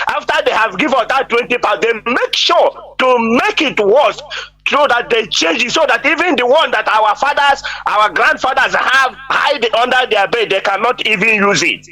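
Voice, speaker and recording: A man's voice: very high voice, bright, forceful tone. A man calling in to a live broadcast, speaking in an impassioned, denouncing way. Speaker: caller. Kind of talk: phone-in call to a live broadcast.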